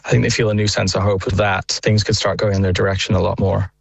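A man speaks reflectively in a low, gravelly voice. The recording is dry and close. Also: flat delivery, fast talker, dry recording, dull audio. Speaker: journalist. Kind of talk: news clip interview.

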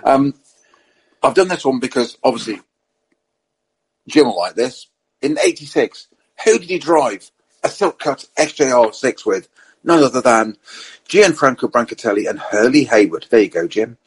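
A middle-aged man and racing driver on a podcast, telling motorsport anecdotes in a lively way and acting out the quotes. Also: mid-range voice, moderate pace, long pauses, breathy edge, low-quality recording.

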